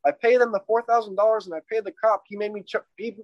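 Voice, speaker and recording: A man casually retelling a personal story in a rambling, profane, animated way. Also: high voice, fast, dry recording. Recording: dry, dull lo-fi audio.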